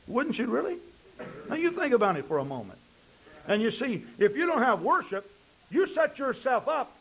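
A man's voice: high voice, a bit bright. A male pastor preaching a sermon, telling stories in long chains of "and" with frequent restarts. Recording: dull lo-fi recording.

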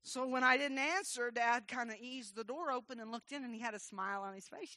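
A woman preaching a sermon, telling a childhood story in a soft voice and then rising into loud, shouted exhortation. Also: fairly high pitch, fairly even intonation, fairly quick, no echo.

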